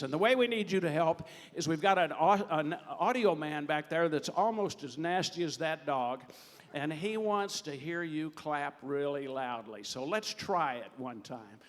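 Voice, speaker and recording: An older man with a slightly higher voice works the crowd as a warm-up emcee, folksy and joking, swelling into loud calls. He speaks on a handheld stage mic, and his words ring out through a long hall reverb. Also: lively intonation, measured pace. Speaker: producer warming up a studio audience. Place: large hall or theater stage.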